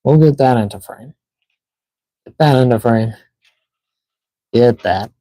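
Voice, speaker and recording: A man's voice: medium pitch, slow pace, warm tone, no room sound, poor audio. A man chatting casually to himself while unboxing toys on a live stream, muttering as he fiddles with the packaging. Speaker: toy collector streamer.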